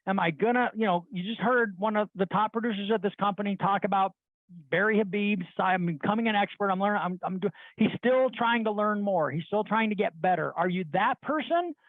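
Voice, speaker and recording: A middle-aged man with a high voice gives a blunt motivational talk to his sales team, rambling and restarting as he goes. The sound is dry and thin, like a phone line. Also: brisk, dry recording. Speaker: sales leader addressing his loan officers.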